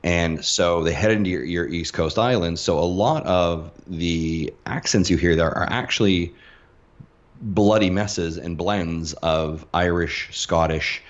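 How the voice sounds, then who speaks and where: Man from western Canada, very deep voice, animated storyteller, dull lo-fi sound. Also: a little slow. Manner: animated storyteller who acts out the people he quotes. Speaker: podcast guest. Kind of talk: casual podcast chat.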